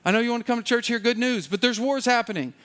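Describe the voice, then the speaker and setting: A man preaching a conversational sermon in a church, with quick acted asides and dropping to a low, soft voice in prayer. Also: smooth. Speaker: pastor.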